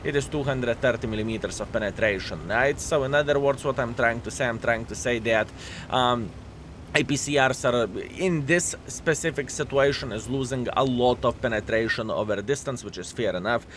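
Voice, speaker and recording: A man's voice: medium pitch, moderate pace, noisy background. Sarcastic male gameplay commentator. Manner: sarcastic, repeats phrases, many fillers. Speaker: game commentator.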